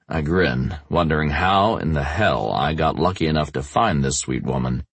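Audiobook narrator, male: low, husky, very lively pitch, dry booth sound. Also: normal speed, few pauses, no echo. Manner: voices characters by raising his pitch. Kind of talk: first-person audiobook narration.

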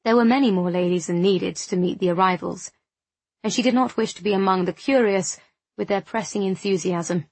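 A woman narrating an audiobook in a measured, even way. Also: medium pitch, husky, no room sound.

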